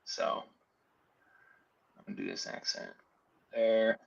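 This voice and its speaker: Low gravelly guy talking to himself while building an app, dull lo-fi mic. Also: wildly swooping pitch, slow. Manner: thinks aloud while building, talks to himself. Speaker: FlutterFlow trainer. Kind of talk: casual screen-share tutorial.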